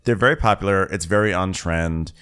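A co-host doing a comedic recap, with wry, deadpan asides and frequent laughter. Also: sits low, fairly quick, smooth.

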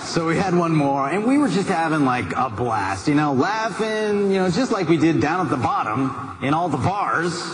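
High-voiced man telling a story. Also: moderate pace, hardly any pauses, a loud crowd. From United States. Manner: lively, conversational storytelling with asides to the listener. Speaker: motivational speaker. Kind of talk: motivational storytelling speech. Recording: echoey hall with background noise.

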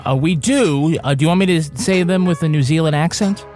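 A man co-hosting a podcast, reading announcements in a relaxed, hesitant way with many fillers. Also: on the high side, a little fast, soft background music. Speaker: podcast co-host. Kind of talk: casual podcast chat and announcements.

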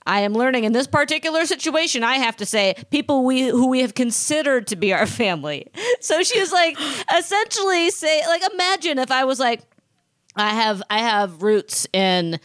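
A woman's voice: on the high side, no echo. A woman in her thirties co-hosting a podcast, chatting casually and telling stories, acting out the voices she quotes. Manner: animated storyteller, acts out quoted voices. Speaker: podcast co-host. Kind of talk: casual gossip chat.

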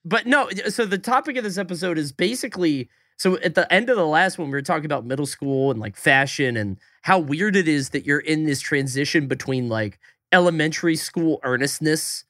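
A man's voice: on the high side, pushed and bright, dry recording, clean studio sound. A young man co-hosting a podcast, joking around and swearing casually as he chats. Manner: joking, swears freely, quick reactions. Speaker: podcast co-host and streamer.

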